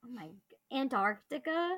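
A woman's voice: high-pitched, sing-song, normal speed, fairly bright tone, dry recording. A woman co-hosting a casual podcast from her bed at home, reacting with laughter and disbelief. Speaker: podcast co-host.

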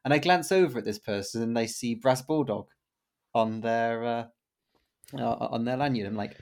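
A man's voice: medium pitch, moderate pace. A man co-hosting a casual podcast, telling convention stories in a rambling way with many fillers and restarts. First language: English, some Welsh. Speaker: podcast co-host.

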